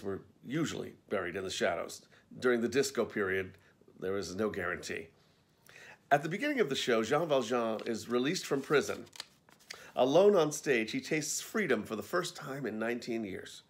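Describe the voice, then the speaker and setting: A man narrates his own backstage memoir in audiobook style. His voice sits at an ordinary middle pitch, and his delivery is wry and conversational rather than formal. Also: breathy edge.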